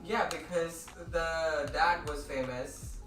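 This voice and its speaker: A man calling in on voice chat with a bright, somewhat high voice. He teases and jokes in casual banter. His audio sounds roomy and echoey, with faint music underneath. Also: steady tone, slow. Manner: teasing, playful. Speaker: friend on voice chat.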